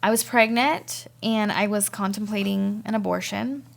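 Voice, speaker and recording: A woman guest sharing a personal testimony on a podcast, talking haltingly and repeating words as she recalls events. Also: medium pitch, steady tone, creaky.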